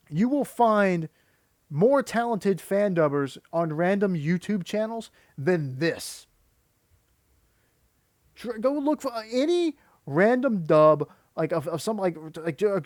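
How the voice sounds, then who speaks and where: A man's voice: high voice, darkish tone, dry recording, clean studio sound. A man who does voice acting, giving an exasperated, critical commentary rant that rambles with many restarts. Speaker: YouTuber and voice actor.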